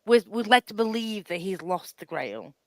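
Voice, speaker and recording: A woman's voice: mid-range voice, very animated, normal speed, no echo. A woman chatting casually about a book on a live show, rambling with many restarts and self-deprecating laughs. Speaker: book club co-host.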